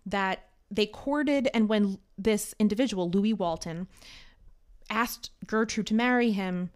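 A woman hosting a podcast, telling a history in a chatty, animated way with wry asides. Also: medium pitch, takes it slowly. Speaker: podcast host. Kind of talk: casual storytelling chat.

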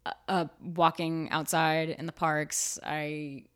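A woman's voice: sits low, little pitch movement, slow, smooth. A woman, an actor being interviewed, talking casually and chattily, full of "like" fillers. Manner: chatty, filler-heavy with frequent "like". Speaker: actor, guest. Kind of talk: casual chat.

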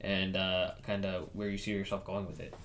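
Young male host, low-pitched, relaxed, filler-heavy casual questions. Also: moderate pace. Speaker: interviewer. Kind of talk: casual chat over a chess game.

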